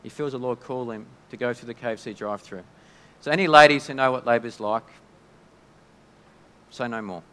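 Aussie pastor preaching, talks casual and stumbly, big hall reverb. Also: male voice, medium pitch, fairly bright tone. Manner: conversational, halting, with many restarts. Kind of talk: sermon.

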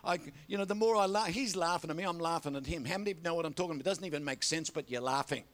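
Animated older Australian preacher, high voice. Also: male voice, very fast. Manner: animated storytelling with repeated audience call-outs. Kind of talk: sermon.

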